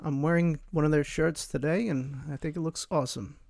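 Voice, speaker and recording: A man appearing as a guest on a podcast, talking in casual chat in a measured, hesitant way. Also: fairly high pitch, fairly even intonation, gravelly, a little mellow, dry recording, clean studio sound.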